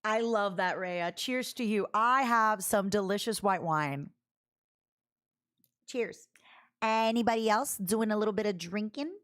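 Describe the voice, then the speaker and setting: A woman's voice: mid-range voice, unhurried, a bit bright. A woman streamer chatting casually with her viewers, reading their messages aloud and laughing often. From Canada. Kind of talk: casual livestream chat.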